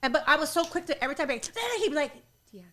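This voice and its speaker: A woman in her thirties hosting a podcast, telling animated stories and acting out quotes with frequent laughter. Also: high-pitched, rapid-fire. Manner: animated storyteller, acts out quotes, laughs often. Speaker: podcast host. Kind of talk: casual chat.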